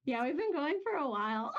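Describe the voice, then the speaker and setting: A woman's voice: sits high, huge pitch swings, normal speed, fairly bright tone. Giggly woman guest on a lo-fi line. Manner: easygoing and giggly, short agreeing replies. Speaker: podcast guest. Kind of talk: casual chat.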